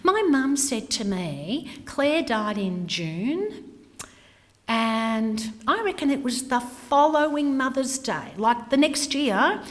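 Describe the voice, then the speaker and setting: A woman's voice: sits high, very animated, takes it slowly. A middle-aged woman giving a candid personal talk, her voice falling to whispers for emphasis. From Australia. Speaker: speaker. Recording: hall with long reverb.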